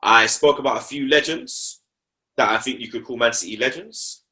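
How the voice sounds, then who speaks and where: Animated, bright-voiced man. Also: mid-range voice, normal speed. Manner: animated, slangy, repeats for emphasis. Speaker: football podcast host. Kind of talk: casual football chat.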